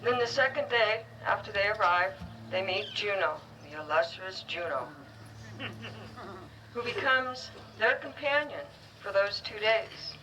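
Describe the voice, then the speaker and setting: A woman giving a heartfelt speech as a guide dog school graduate, earnest and speaking in short, halting phrases. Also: mid-range voice, animated, pushed and bright. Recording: distant, faintly noisy ceremony recording.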